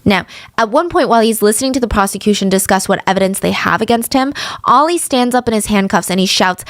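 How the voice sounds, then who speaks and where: A woman's voice: medium pitch, quick pace, no room sound, studio quality. Indignant woman hosting a true-crime podcast. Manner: animated and indignant commentary. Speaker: podcast host.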